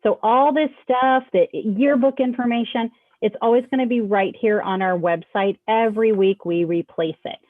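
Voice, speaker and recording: A woman's voice: a little high, normal speed, dry recording. A woman on the staff of a school hosting a casual announcement show, chatting as she walks students through the school website over a video call. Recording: dry, tinny phone-like call audio.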